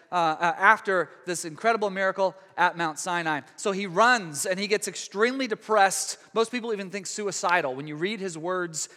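A man with a high, bright, ringing voice preaches a sermon, talking it through casually with many restarts. He swells for big moments and sinks to a near hush for quiet ones. A long reverb trails after him in a large hall. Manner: conversational preaching with frequent restarts, dramatic hushed drops. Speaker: pastor.

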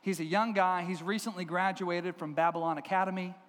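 A man, a pastor, preaching a sermon with lively, humorous storytelling in a church. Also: high-pitched, brisk. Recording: long hall reverb.

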